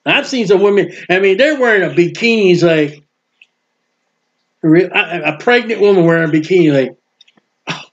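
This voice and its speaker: A man preaching a sermon with emphasis, swinging between loud proclaiming and quiet asides. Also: high voice, expressive, normal speed, long pauses, muffled recording.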